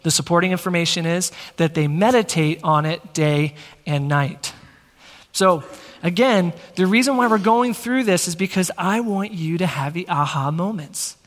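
A man preaching a teaching sermon in a church, energetic and conversational, talking straight to the congregation. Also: high-pitched, normal speed. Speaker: pastor. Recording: long reverb of a large hall.

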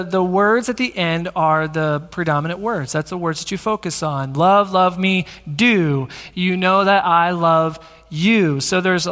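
A man with a high voice delivers a teaching sermon from a church sanctuary. His delivery is energetic and conversational, addressed straight to the people in front of him. Long reverb from the large hall trails after every phrase. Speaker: pastor.

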